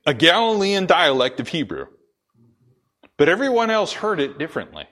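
A man's voice: on the high side, huge pitch swings, moderate pace, a bit bright. A man from the Pacific Northwest preaching a sermon in a conversational way, reading scripture aloud and asking and answering his own questions. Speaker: pastor. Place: church with congregation laughing.

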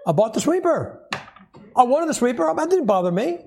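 A middle-aged man preaching a sermon, telling stories in a wry, animated way with a husky voice. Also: very high voice, normal speed, slight background noise. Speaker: pastor.

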